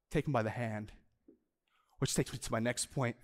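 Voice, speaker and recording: A male pastor preaching a sermon to a church. He moves from soft, slow lines to loud, high bursts for emphasis and laughs lightly with the room. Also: big-room sound. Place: church auditorium.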